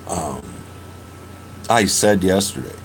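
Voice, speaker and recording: Man, 50s, podcast host; low voice, slow, profane, halting storyteller. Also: expressive, a little hiss or hum, rough recording. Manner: profane, halting, with frequent restarts. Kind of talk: emotional personal storytelling.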